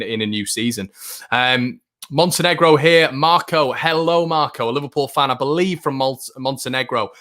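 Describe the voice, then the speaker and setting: A young man hosting a live football watchalong stream, chatting casually and reading out viewer comments with lots of fillers and restarts. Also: medium pitch. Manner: chatty, filler-heavy, frequent restarts, excitable fan.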